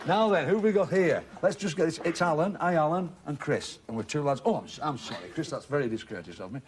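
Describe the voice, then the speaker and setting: A man hosting a studio game show in a chatty, joking way, his voice sitting a little high and swinging lively up and down. He teases contestants between questions. A faint hiss sits under him. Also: quick pace. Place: TV studio with a live audience.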